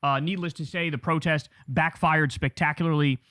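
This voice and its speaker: A man hosting a commentary show, energetic and chatty, running through the day's headlines. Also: fairly high pitch, moderate pace, no room sound, studio quality. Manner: energetic, chatty, addresses chat as y'all. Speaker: host. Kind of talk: news commentary show opening.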